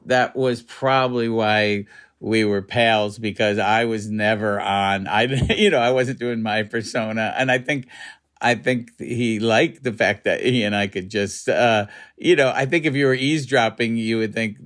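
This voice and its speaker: A middle-aged male comedian talking casually in a radio interview, halting, full of restarts and "you know", soft and reflective. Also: on the low side, steady tone. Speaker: comedian guest.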